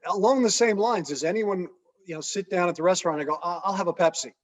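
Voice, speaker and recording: A man's voice: high voice, quick pace, long reverb tail. A man co-hosting a casual podcast chat, jumping in with wry questions. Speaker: podcast co-host.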